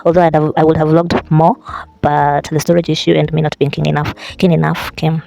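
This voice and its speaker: A vlogger casually chatting, then reading a book aloud in a halting way, restarting and correcting words. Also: mid-range voice, level tone, gravelly, darkish tone, poor audio. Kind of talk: casual vlog and unpolished read-aloud.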